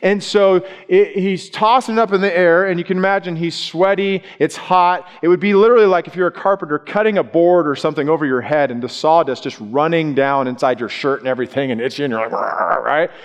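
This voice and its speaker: A man preaches a sermon in a reverberant hall, his voice set a little high for a man. He tells the story in an animated way and acts out the voices of the people in it. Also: a little fast, few pauses, smooth. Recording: long reverb in a large hall.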